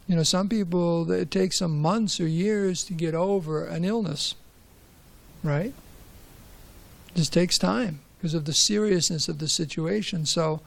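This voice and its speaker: A man's voice: high-pitched, gravelly. A man giving a conversational scripture class, asking rhetorical questions and telling stories. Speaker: class speaker.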